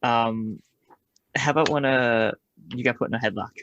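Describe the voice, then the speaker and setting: A man's voice: mid-range voice, steady tone, moderate pace, fairly bright tone, muffled recording, a little hiss or hum. A man co-hosting a podcast, chatting casually and chuckling. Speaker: podcast co-host. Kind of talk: casual chat.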